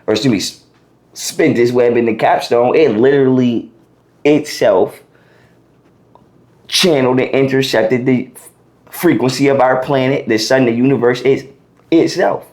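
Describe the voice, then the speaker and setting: A man being interviewed, talking in a loose, profane, animated way as he lays out his ideas. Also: mid-range voice, normal speed, pauses often. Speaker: interview guest. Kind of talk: casual conversational interview.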